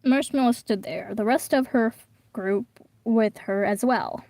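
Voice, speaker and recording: A woman's voice: fairly high pitch, unhurried, darkish tone, no room sound. A young woman casually reading a fan story aloud, often breaking off to make slangy, chatty comments. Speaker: reader.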